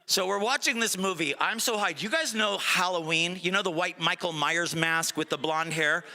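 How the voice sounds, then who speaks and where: A man's voice: sits high, normal speed, pushed and bright. A man doing a stand-up comedy set on a club stage, joking loosely and bantering with the crowd. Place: comedy club stage before a live audience.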